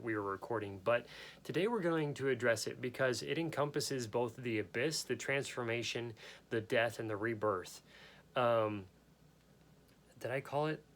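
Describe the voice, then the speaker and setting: A man hosts an unscripted talk about photography, with a middle-range pitch. He rambles, often stops to restart or correct himself, and has the hiccups. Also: a bit bright, a little hiss or hum. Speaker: photography podcast host.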